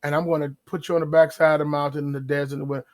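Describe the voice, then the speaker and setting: Animated man with a higher voice. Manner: animated, drawn-out emphasis and acted-out asides. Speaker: podcast host. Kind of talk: casual religious commentary.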